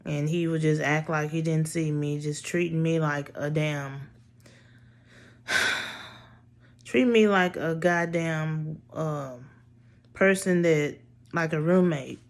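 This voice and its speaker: A woman's voice: deep voice, takes it slowly, long pauses. A woman casually telling a personal story in a blunt, profane, exasperated way.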